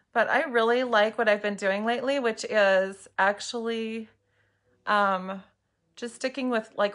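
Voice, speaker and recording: A bubbly, chatty woman shows off eye makeup during a home livestream, addressing viewers by name as she talks casually with them. She has a mid-range, fairly bright voice. Ring light and window light illuminate the room.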